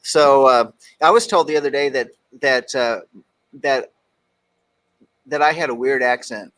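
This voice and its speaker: A man's voice: medium pitch, a little slow, fairly bright tone. A middle-aged man from Texas hosting a talk show, joking around and reading quotes aloud with emphasis. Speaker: radio show host. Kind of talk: casual talk show banter.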